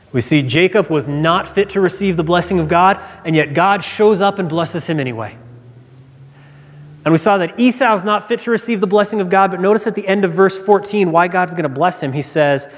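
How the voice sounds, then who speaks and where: A man's voice: high-pitched, a little fast. A man preaching a sermon as pastor, earnest and emphatic, repeating his key points, recorded in a church sanctuary with long reverb.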